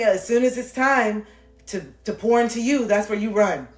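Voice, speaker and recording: A woman's voice: fairly low pitch, darkish tone. Intense, swearing woman preaching self-help. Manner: intense, preachy, swears freely, repeats phrases for emphasis. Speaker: livestreamer giving spiritual life advice. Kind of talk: impassioned motivational monologue. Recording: echoey room with faint music.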